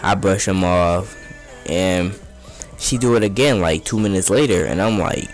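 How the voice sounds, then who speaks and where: A young man with a somewhat low voice spins a casual, rambling story packed with profanity and street slang. Faint music sits quietly in the background. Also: measured pace. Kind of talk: casual storytime over gameplay.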